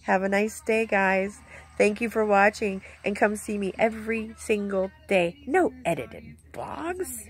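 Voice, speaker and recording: A woman's voice: mid-range voice, flat delivery, measured pace, soft background music. Emotional plainspoken middle-aged woman vlogging. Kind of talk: candid personal vlog. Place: inside a camper.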